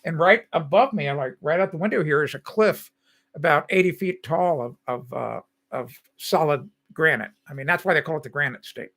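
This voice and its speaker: Rambling older man, bright voice. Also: a little high, fairly quick. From Cincinnati, Ohio. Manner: rambling, chuckling often, many fillers. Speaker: host of a home-building livestream. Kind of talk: casual livestream chat. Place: home, indoors.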